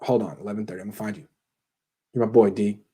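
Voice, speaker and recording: A man's voice: lowish voice, fairly even intonation, fast talker, dark tone, husky. A man hosting a live sports Q&A, thinking aloud in a casual, conversational way with sarcastic asides. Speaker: sports podcast host answering viewer questions.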